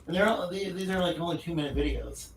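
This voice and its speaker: A man's voice: high-pitched, fast. A man co-hosting a podcast, talking casually and hesitantly, searching for his words. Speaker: podcast co-host. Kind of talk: casual chat. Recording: roomy distant mic with faint noise.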